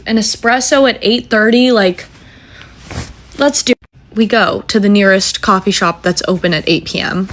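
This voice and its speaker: A woman in her twenties tells a story with animated, self-mocking energy and frequent swearing. Her pitch is mid-range, and faint noise runs in the background. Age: 20s. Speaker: musical theater student. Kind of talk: casual storytelling.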